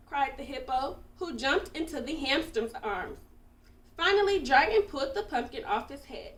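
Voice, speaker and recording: A woman reading a children's picture book aloud with expressive, animated storytelling, in an echoey room away from the mic. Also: high-pitched, moderate pace, distant mic. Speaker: storybook reader.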